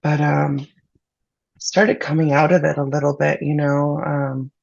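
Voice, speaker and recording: A woman's voice: low-pitched, level tone, a little slow, gravelly, darkish tone, dull audio. A woman guest on a podcast, candidly and emotionally retelling a personal ordeal in casual speech. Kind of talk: personal storytelling in conversation.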